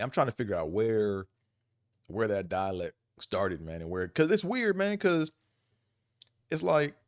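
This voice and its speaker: Man host from Buffalo, Buffalo accent, low-pitched, rambling profane monologue, dry close sound. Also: no room sound. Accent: Buffalo, New York. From Buffalo, New York. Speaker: vlog host. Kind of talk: casual monologue.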